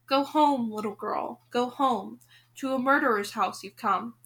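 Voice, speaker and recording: A woman reading a storybook aloud, voicing a chorus of filthy doves whose raspy voices warn a visitor away. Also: fairly high pitch, unhurried, a bit bright, low-quality recording. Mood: ominous warning.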